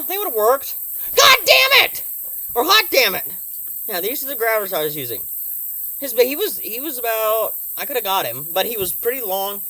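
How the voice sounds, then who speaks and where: Excitable, swearing woman vlogger outdoors. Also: mid-range voice. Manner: excitable, swears a lot, talks to the snake and cats. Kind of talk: handheld outdoor wildlife vlog. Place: outdoors near a house deck.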